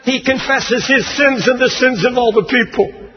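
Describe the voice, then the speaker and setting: A man preaching a sermon, impassioned and shouting at its peaks, reading scripture aloud. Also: very high-pitched, normal speed, highs cut off. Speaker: pastor.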